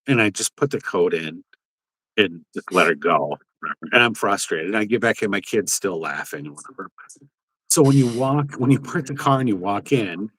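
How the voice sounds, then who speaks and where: A man's voice: lowish voice, a bit bright, no room sound, rough recording. A man co-hosting a podcast, telling a rambling story in casual chat, with many fillers and some swearing. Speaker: podcast co-host.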